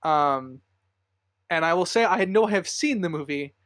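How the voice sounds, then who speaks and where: A man's voice: on the high side, lively intonation, moderate pace, fairly bright tone, dry recording, studio quality. A man hosting a casual movie podcast, rambling with many fillers and frequent laughs. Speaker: podcast host.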